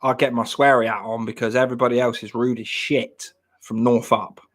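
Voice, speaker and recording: A man's voice: medium pitch, little pitch movement, fairly quick. A man, chatting casually on a live stream, joking and rambling as he answers viewers in the chat. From England.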